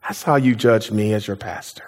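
A male pastor preaches a sermon in a church auditorium in a conversational style, with repetitions and asides to the congregation. His voice is husky and fairly low, at a moderate pace, and the sound is that of a big room.

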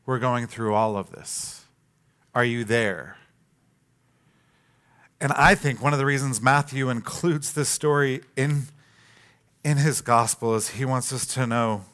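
A man's voice: mid-range voice, a bit bright. A man preaching a sermon, telling the story with energy and acting out the quoted lines. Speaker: pastor.

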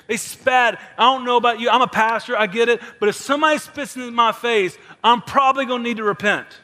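Bright, high-voiced male pastor preaching. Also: brisk, few pauses. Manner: dramatic preaching, shifting between soft hushed lines and raised emphatic ones. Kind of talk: sermon. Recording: long hall reverb.

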